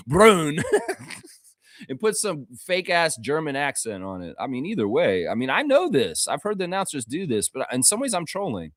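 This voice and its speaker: Male fan-channel host, animated and profane, loud laughs, very expressive pitch. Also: normal speed, no echo, clean studio sound. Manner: animated, profane, laughing, reads chat comments. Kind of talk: casual live-stream sports chat.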